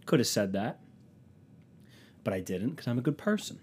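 Profane, sarcastic man with a lively voice. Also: mid-range voice, moderate pace, long pauses, breathy edge. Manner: profane, sarcastic, self-mocking. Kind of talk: casual comedic storytelling rant.

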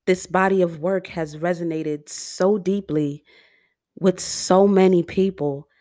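A woman doing an impression of a famous singer, reading slowly and deliberately with hard consonants. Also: lowish voice, warm tone, dry recording, studio quality. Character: woman impression of a pop star, soft, poised.

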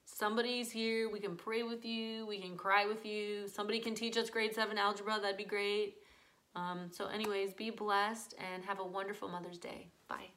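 A woman's voice: mid-range voice, little pitch movement, moderate pace, a bit bright. A woman giving an earnest, encouraging devotional message to mothers for her church. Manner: earnest, encouraging, repeats "just". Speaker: church speaker.

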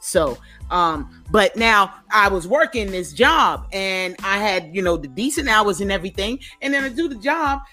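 A woman's voice: medium pitch, moderate pace, faint music behind. Brash, profane woman comic host. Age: adult with children. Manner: brash, profane, animated storytelling. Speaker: comedy podcast host. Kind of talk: stand-up style comic monologue.

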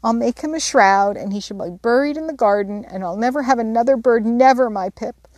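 A woman's voice: fairly high pitch, a little fast, darkish tone, no echo, voice pushed up, natural voice. A woman reading aloud, voicing a young girl who sobs and blames herself over her dead pet bird. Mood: mournful. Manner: tearful and self-reproaching.

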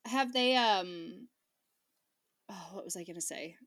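A woman's voice: medium pitch, takes it slowly, fairly bright tone. A woman hosting a podcast, asking questions in casual conversation and laughing easily. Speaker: podcast host.

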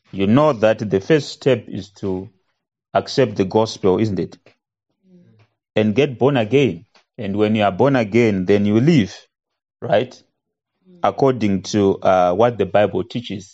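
A man's voice: lowish voice, warm tone, lo-fi sound. A man leading a Bible study, reading scripture aloud and often checking in with "isn't it?" and "right?". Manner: slow, with frequent "isn't it?" tags and fillers; reads scripture aloud with rising emphasis.

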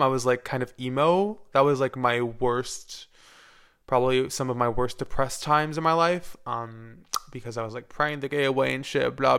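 The host is a university music student in his twenties, talking casually and candidly by himself on his podcast. He has a smooth, fairly bright mid-range voice, and his rambling talk is full of fillers with the occasional curse.

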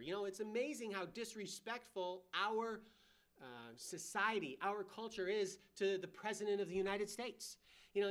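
Middle-aged male guest preacher, slightly high voice, chatty and emphatic sermon delivery. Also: fairly bright tone. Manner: conversational, emphatic, wry asides.

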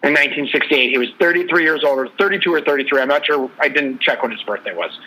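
A man's voice: fairly high pitch, fast, bright, forceful tone, low-quality recording. A man co-hosting a casual sports talk show, telling a sports story in a loose, rambling way. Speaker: podcast co-host.

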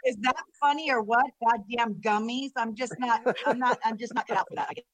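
A woman co-hosting a podcast, telling a rambling, animated story in casual chat. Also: on the high side, fairly quick, no room sound, poor audio. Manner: animated, rambling storyteller who laughs a lot. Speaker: podcast co-host.

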